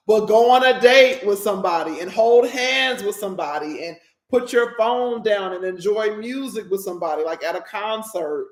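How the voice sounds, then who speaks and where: A woman's voice: mid-range voice, moderate pace, few pauses. Woman podcast host, solo reflective monologue, candid and emotional, rambling restarts, echoey room.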